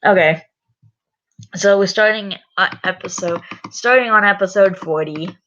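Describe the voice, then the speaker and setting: A woman's voice: medium pitch, measured pace, fairly bright tone, lo-fi sound, slight background noise. A young woman YouTuber chatting casually between read-aloud lines, laughing often and saying "like" a lot. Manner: chatty, laughs often, many filler likes. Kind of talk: casual read-along chat.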